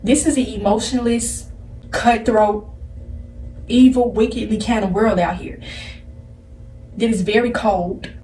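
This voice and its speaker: A woman's voice: on the high side, steady tone, measured pace, pauses often, mellow, a little hiss or hum. A tearful woman giving blunt spiritual advice straight to her viewers, speaking in with a preachy, repetitive manner. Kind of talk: emotional direct-to-camera advice. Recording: roomy, distant from the mic.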